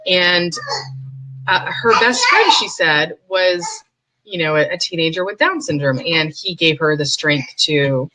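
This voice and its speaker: A young woman speaking candidly and with firm opinions as a podcast host, mimicking other people in high, mocking voices. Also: animated, a little slow, sharp tone, rough recording. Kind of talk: casual commentary.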